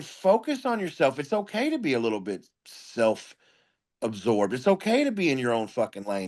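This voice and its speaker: A man with a somewhat high-pitched voice speaks bluntly and emphatically, swearing freely. He talks as a comedian guest in an interview. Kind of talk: candid interview storytelling.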